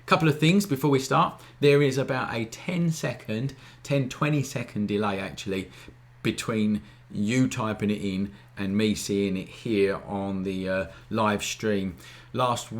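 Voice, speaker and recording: A man's voice: medium pitch, gravelly. A man, hosting a live photography Q&A in a chatty, informal teaching style that keeps checking in with the viewers. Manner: chatty, keeps asking "all right?"; informal, relaxed wording. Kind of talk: casual live-stream teaching.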